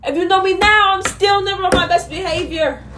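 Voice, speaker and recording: High-voiced sassy young woman telling a story. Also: brisk, background noise. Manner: indignant, sassy storytelling with direct asides to viewers. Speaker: vlogger. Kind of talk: storytime vlog.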